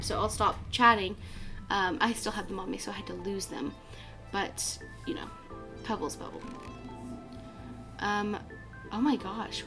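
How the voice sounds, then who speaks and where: A woman giving casual, rambling commentary over her gameplay, with plenty of fillers and restarts. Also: medium pitch. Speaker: gaming channel creator.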